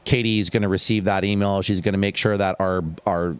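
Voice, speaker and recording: A man with a low voice talks in a casual podcast interview. He is eager and keen, and he speaks in quick bursts, often saying 'like' and 'you know'. The sound is dry and close, with no room echo. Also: fairly even intonation, smooth. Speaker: charity founder and music teacher, guest.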